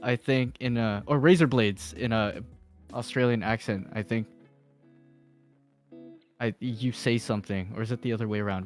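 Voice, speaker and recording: Rambling man in casual podcast chat. He laughs often and fills his talk with ums and restarts, at a middle pitch, with faint music playing underneath. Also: moderate pace, long pauses. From Philippines. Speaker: podcast guest.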